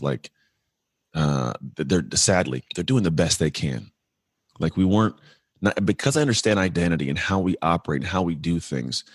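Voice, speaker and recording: A man's voice: very deep voice, breathy edge, dry recording, studio quality. A man in his forties from California, a podcast guest telling his life story in an earnest, reflective way. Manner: earnest, reflective, fast-flowing with restarts. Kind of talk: candid storytelling interview.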